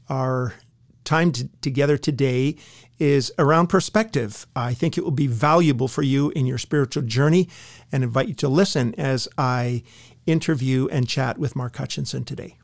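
A man's voice: medium pitch, gravelly, no room sound, clean studio sound. A man hosting a church podcast, introducing the episode and interviewing a guest in an earnest manner with many uhs. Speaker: podcast host and church ministry director.

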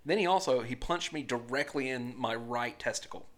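Bright-voiced cussing storyteller man. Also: medium pitch, normal speed. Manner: profane, animated storytelling. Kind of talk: casual chat.

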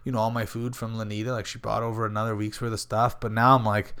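This MMA fighter, a man in his thirties, speaks quickly in a lowish, fairly flat voice that is clear, resonant, and a little bright. On a podcast, he loosely rambles through an anecdote, performing the voices of those he quotes.

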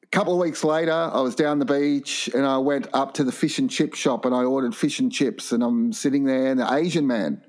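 A man's voice: medium pitch, a little fast. An Australian man telling a comic story on a podcast, animatedly acting out the people in it. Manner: animated, acts out characters in the story. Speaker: podcast co-host.

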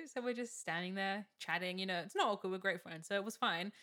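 Animated young woman telling a story. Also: mid-range voice, quick pace. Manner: animated, laughing storyteller who acts out quotes. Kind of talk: casual storytelling chat.

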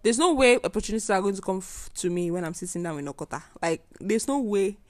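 Young Nigerian woman hosting her own podcast, mid-pitched, dry close sound, hammers her points home by repeating them. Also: expressive, fast, a little mellow, dry recording. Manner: emphatic, repeats herself for force. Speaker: podcast host. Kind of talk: casual solo monologue.

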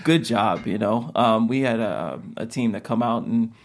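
A man's voice: lowish voice, normal speed. Hesitant male director guest. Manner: hesitant, with many fillers and repeats. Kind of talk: casual interview.

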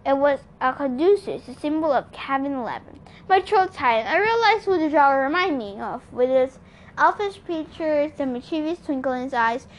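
A woman's voice: sits high, lively intonation, moderate pace. A woman reading a novel aloud in a plain storytelling manner. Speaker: audiobook reader.

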